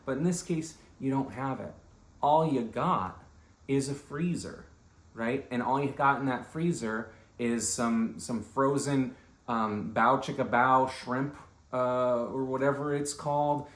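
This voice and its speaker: A man's voice: medium pitch, unhurried, fairly bright tone, roomy sound. A man doing a rambling comedic monologue, talking to the listener with many asides and restarts. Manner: rambling, self-interrupting, conversational asides.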